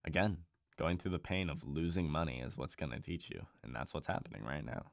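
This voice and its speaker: A young man hosting a live trading stream, talking casually and bluntly with lots of swearing and repetition, rising in pitch and volume when fired up. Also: lively intonation, a little fast, creaky, no room sound, studio quality. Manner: blunt, profane, repeats himself, gets louder and higher when fired up. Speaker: livestream trading host.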